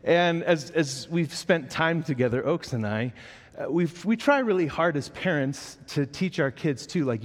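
Pastor guy preaching, kinda high voice, long echo of a big hall, gets animated telling stories. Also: a little slow. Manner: animated storytelling, acting out the children's lines in a higher voice. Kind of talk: sermon with a personal story. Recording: long reverb of a large hall.

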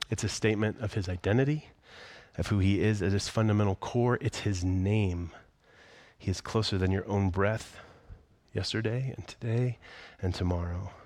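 Man, pastor, middle-aged, low voice, dry close sound, conversational sermon with hushed moments. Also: dry recording. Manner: conversational, dropping to hushed whispers on key phrases.

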